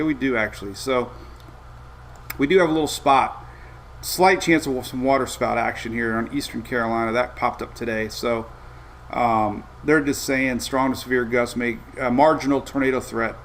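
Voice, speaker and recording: A middle-aged man hosting a casual live weather show, rambling and easygoing with excitable asides. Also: medium pitch, gravelly, a little hiss or hum.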